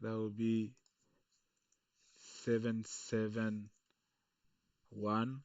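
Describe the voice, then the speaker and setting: Slow, patient male coding instructor. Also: on the low side, completely flat delivery, darkish tone, no room sound, distant mic, muffled recording. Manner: slow, patient explaining with frequent "okay" and "uh". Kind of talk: screen-recorded coding lesson.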